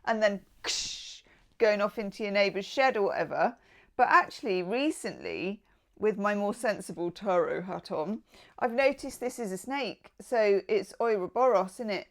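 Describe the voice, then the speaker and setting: A woman's voice: medium pitch, expressive, normal speed. A woman talks through a tarot spread in a loose, chatty way. She wanders off into playful asides and jokes before coming back to the cards. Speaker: tarot reader. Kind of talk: casual tarot reading.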